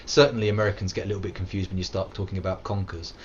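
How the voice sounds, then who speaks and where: A man's voice: deep voice, little pitch movement, very fast, highs cut off, a little hiss or hum. A British man hosting a live let's play, chatting playfully and swearing often as he mocks himself. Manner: playful, sweary, self-mocking, bursts into silly voices. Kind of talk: live gameplay commentary.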